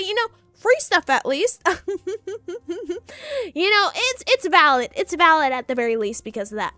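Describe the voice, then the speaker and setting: Very high, bright-voiced woman streamer. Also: dry recording. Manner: chatty, giggly, talks to chat, breaks off into jokes. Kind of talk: casual live-stream chat with storybook reading.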